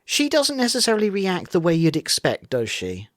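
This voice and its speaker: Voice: mid-range voice, wildly swooping pitch, moderate pace, no echo, clean studio sound. A co-host of a reaction podcast about a reality show, chatting casually with wry, opinionated remarks. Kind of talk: casual chat.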